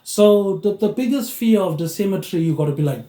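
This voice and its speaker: Animated and fast-talking, this male vlogger rambles through a meandering monologue, capping sentences with "mate, eh." He sounds a little high-pitched yet warm and mellow. The room echoes because he records on a phone or tablet with no microphone.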